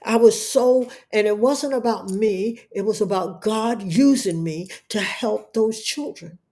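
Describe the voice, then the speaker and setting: A woman's voice: medium pitch, a little slow, mellow. A middle-aged woman telling an emotional testimony as an interview guest, speaking in a fervent, preacher-like way and often repeating words. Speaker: guest, entrepreneur.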